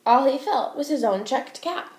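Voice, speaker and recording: A woman teacher reading a storybook aloud to young children, expressive and slow, asking her listeners questions. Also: sits high. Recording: echoey room.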